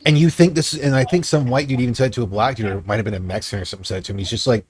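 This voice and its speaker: Profane animated storytelling man. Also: medium pitch, very fast, hardly any pauses, slightly rough. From Michigan, United States. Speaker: podcast co-host. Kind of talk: casual voice-chat banter.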